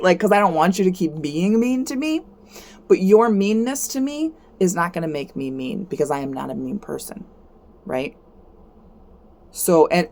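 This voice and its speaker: A woman with a slightly low voice talks casually and encouragingly, like a host chatting on her stream. She repeats phrases and tags "right?" onto nearly every point. Her pitch leaps when she gets worked up. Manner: keeps asking "right?", repeats herself, rises sharply when animated. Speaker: host of a card-reading stream. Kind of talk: casual motivational talk.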